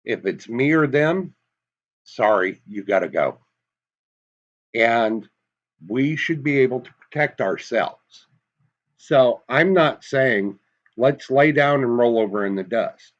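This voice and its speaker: A man's voice: mid-range voice, lively intonation, takes it slowly, pauses often, lo-fi sound. A man with a Massachusetts accent giving an emphatic, folksy opinion monologue, full of rhetorical questions. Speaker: commentary vlogger.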